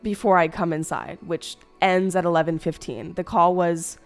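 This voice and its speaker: A woman's voice: on the low side, fairly even intonation, moderate pace, faint music behind. A young woman streamer chatting casually, telling a hurt story in a rambling way, with many fillers and restarts.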